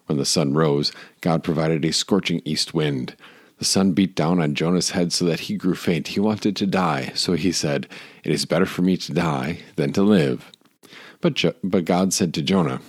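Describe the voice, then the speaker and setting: Very deep-voiced man preaching. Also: a little mellow, no room sound, studio quality. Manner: reads scripture then preaches with laughs and rhetorical questions. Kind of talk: scripture reading and sermon.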